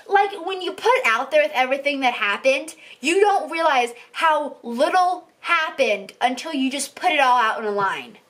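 A woman vlogger ranting about a book she hated, exasperated and repeating herself, swinging between loud outbursts and muttering. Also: high voice, expressive, unhurried, few pauses. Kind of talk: ranting book review vlog.

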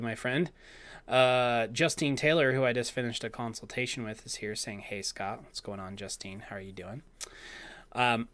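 A man who is slightly hoarse hosts a live show, chatting casually as he reads viewers' comments and keeps asking "okay?". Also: mid-range voice, a bit bright. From Utah. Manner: chatty, repeats "okay?" often. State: slightly hoarse, clearing his throat. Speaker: host of a live raw dog-feeding show. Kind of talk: casual livestream talk, reading chat.

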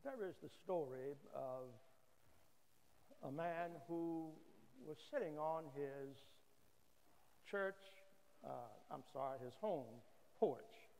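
Slow-preaching man in a reverberant church. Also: a little high, animated, creaky, darkish tone. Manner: measured, frequent "uh" pauses, repeats key phrases. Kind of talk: sermon. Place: church sanctuary.

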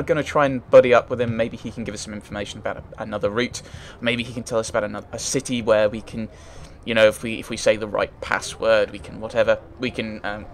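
A man's voice: lowish voice, a little hiss or hum. A man playing a story game, reading its text aloud and thinking aloud in casual, hesitant commentary. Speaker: let's play gamer.

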